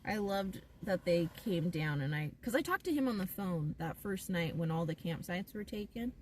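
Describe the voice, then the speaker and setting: A woman live streams from inside a parked car, rambling casually and saying "like" constantly. Her voice is on the low side and animated, at a moderate pace. The mic sounds distant, with a little hiss or hum.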